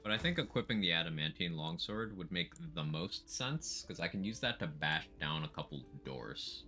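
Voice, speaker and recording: A man with a low, bright voice talks through his gameplay, musing aloud and mumbling asides to himself. Quiet game music plays underneath. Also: animated, normal speed. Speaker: streamer. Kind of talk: casual gameplay commentary.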